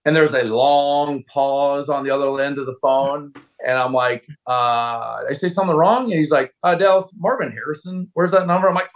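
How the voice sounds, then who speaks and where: A man in his forties talks as a guest on a talk show, telling a long anecdote. His voice sits a little high for a man, and he acts out other people's lines with lively jumps in pitch. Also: moderate pace, hardly any pauses. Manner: animated storyteller, acts out voices of coaches. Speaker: guest, former football tight end. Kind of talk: casual storytelling interview.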